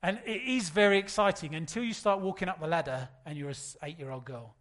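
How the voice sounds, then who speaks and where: Conversational preacher, fairly high voice. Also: male voice, quick pace, fairly bright tone. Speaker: pastor. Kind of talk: sermon.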